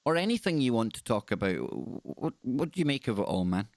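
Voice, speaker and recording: A man's voice: mid-range voice, very animated, a little fast, no room sound. A man hosting a live call-in radio show, chatty and upbeat, often repeating words as he talks to callers.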